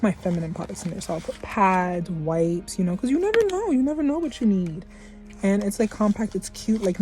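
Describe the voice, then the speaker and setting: A young adult woman makes a candid personal vlog about her life, speaking in a mellow, medium-pitched voice. She's heartfelt and rambling, often restarting and correcting her sentences.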